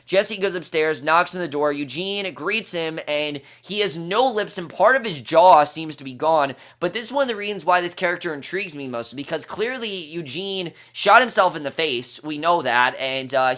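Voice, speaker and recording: A man's voice: a little high, fairly bright tone. Chatty man recapping a TV episode. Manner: chatty, enthusiastic, loose with fillers and restarts. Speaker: TV series reviewer. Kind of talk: casual episode recap and review.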